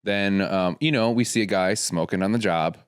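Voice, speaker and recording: A young adult man co-hosting a podcast, chatting casually about a TV episode and reacting quickly to his co-host. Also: sits low, clear, resonant tone, no echo, studio quality. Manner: quick reactive back-and-forth, lots of agreeing. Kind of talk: casual chat recapping a TV show.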